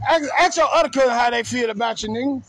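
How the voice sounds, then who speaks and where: A man's voice: very high-pitched, fast talker, a bit bright. A man delivering a confrontational, profane rant on a live video and taunting someone over and over. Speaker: streamer ranting on a live video.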